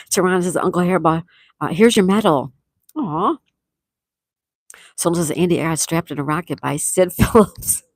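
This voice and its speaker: A middle-aged woman chats warmly with her viewers on a livestream, reading their comments aloud and laughing easily between them. Her voice sits a little low for a woman. The sound is dry and close, with no room echo. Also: measured pace, pauses often. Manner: chatty and affectionate, laughs often while reading comments aloud. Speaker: livestream host reading chat. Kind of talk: casual live chat.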